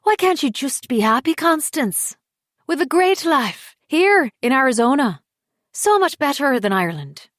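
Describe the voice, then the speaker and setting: A woman voicing a defensive, dismissive husband who brushes off his wife's accusations, speaking louder and brighter than her narration. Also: sits high, very animated, unhurried, no echo, clean studio sound, pitched above the performer's own voice, exaggerated voice. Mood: coaxing.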